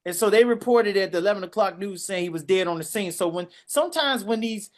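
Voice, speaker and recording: Dc man telling a story on a podcast, loud and animated, does all the voices. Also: high voice, quick pace. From Washington, DC. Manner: animated, acts out voices and shouts. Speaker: podcast co-host. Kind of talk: casual storytelling.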